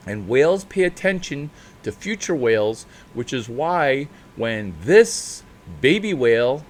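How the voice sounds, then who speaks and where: This is an energetic, improvised monologue from a man acting as a startup mentor, with his pitch and volume jumping unexpectedly and words elongated for emphasis.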